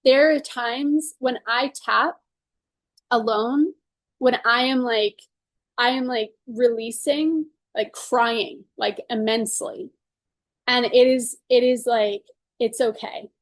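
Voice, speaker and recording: A woman's voice: fairly high pitch, slow, no echo. A woman leading a guided tapping session and teaching casually, earnest and upbeat, often saying "like" and "right?". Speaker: EFT tapping coach.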